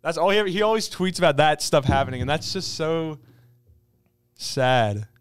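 A man's voice: a little high, animated, normal speed, clear, resonant tone. A young man co-hosting a casual podcast, making wry, sarcastic asides. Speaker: podcast co-host. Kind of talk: casual chat.

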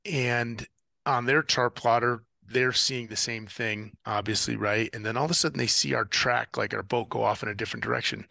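A man's voice: fairly low pitch, vocal fry, no echo, clean studio sound. A man telling stories from an ocean rowing race in a casual interview, acting out the voices and radio calls. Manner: animated storyteller, acts out radio calls. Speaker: guest, ocean rower and former Marine officer.

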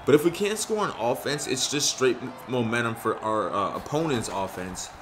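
A young man talks through his own video game in loose, slangy commentary. He gets excited over big plays and frustrated when things go badly. Faint background noise sits under his mid-pitched voice. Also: moderate pace. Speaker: gaming YouTuber. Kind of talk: casual gameplay commentary.

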